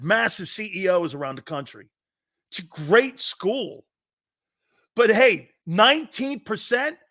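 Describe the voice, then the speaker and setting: Sports talk host, middle-aged man: bright, high voice, animated storyteller who laughs a lot. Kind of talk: casual sports talk show.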